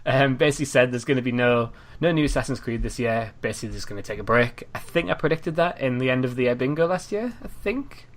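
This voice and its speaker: A man hosting a casual gaming podcast, chatty and relaxed, often trailing off quietly at the ends of his sentences. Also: mid-range voice, fast talker, hardly any pauses. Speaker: podcast host.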